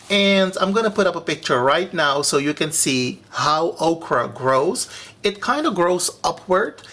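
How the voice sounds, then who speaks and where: A man's voice: fairly high pitch, a bit bright. Sassy, theatrical man hosting a cooking show. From Suriname. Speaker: cooking channel host. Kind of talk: cooking vlog.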